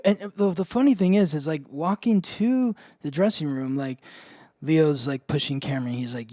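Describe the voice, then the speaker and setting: A man's voice: fairly high pitch, moderate pace, warm tone, no echo, studio quality. A man co-hosting a podcast, telling a story in a casual chat full of "like" fillers. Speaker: podcast co-host, astrologer.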